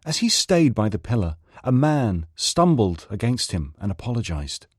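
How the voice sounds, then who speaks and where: A man from Manchester, England, reading a story aloud in an expressive, dramatic style. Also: lowish voice, moderate pace, slightly rough, dry recording, clean studio sound. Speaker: story reader. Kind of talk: audiobook narration.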